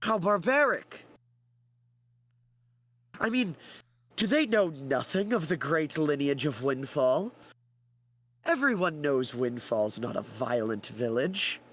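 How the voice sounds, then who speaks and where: A man's voice: fairly high pitch, sing-song, slow, long pauses, a bit bright, voice pushed up, full character voice. A man voicing a boastful, fake-charming male lord with a grandiose, theatrical way of talking. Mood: mock shock.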